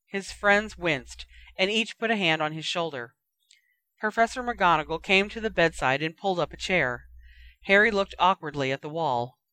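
A narrator reads a story in a steady, even way. The voice is bright and smooth, and the recording is close and dry with no room sound. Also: mid-range voice, normal speed, no echo. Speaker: audiobook narrator. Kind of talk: reading fan fiction aloud.

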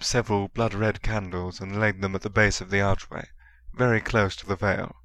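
A man narrating a story in a steady storytelling manner. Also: fairly low pitch, normal speed, hardly any pauses, no echo. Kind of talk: fan reading of a story.

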